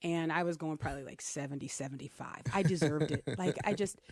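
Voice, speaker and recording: Co-host, middle-aged woman, low-pitched, animated storyteller, recorded dry and close. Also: fairly quick, no room sound. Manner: animated storyteller, lively quoted voices. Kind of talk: casual chat.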